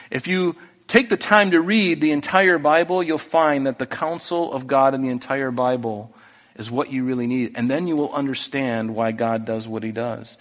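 A man's voice: mid-range voice, normal speed, fairly bright tone. A man preaching a sermon as a pastor, earnest and conversational, with restarts and asides. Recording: long hall reverb.

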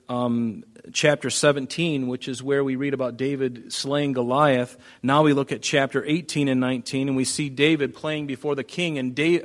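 A pastor giving a casual, conversational Bible teaching with joking asides and frequent restarts. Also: male voice, medium pitch.

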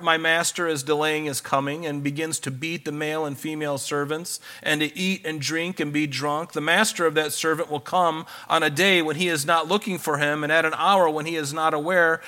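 A man delivers a sermon in a bright, forward voice that sits a little high for a man. He reads scripture passages aloud, then turns to plain, conversational explanation. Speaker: preacher.

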